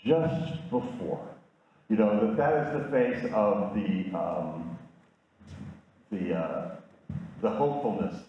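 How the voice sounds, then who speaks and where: A man in his sixties giving a candid, self-deprecating personal talk with slides at a community event. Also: fairly low pitch. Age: 60s. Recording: echoey, distant, dull room sound.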